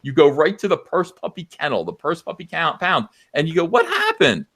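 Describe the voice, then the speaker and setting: A man hosting a live stream, ranting loudly and passionately and mocking others in put-on voices. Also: fairly high pitch, animated, brisk, gravelly. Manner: loud, impassioned, mocking impressions. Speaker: livestream host. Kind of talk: heated livestream rant.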